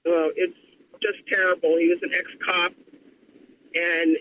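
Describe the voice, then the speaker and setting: A woman calling in to a radio show, speaking in a shaken, halting way about a loss in her family. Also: on the low side, flat delivery. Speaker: caller. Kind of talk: phone-in call. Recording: dull lo-fi phone line with faint noise.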